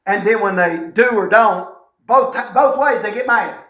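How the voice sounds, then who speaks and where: A middle-aged man preaching a sermon as a pastor, folksy and animated, with wry asides. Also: high voice, normal speed. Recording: echoey room sound.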